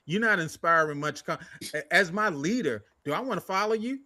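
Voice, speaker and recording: A man co-hosting a casual sports talk show, animated and jokey, loose with slang. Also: sits high, brisk, dry recording.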